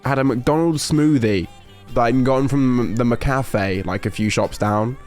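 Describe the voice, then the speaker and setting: A man's voice: mid-range voice, measured pace, a little mellow, faint music behind. Rambling young British man streaming. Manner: rambling, self-interrupting, laughs often. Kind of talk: casual storytelling chat.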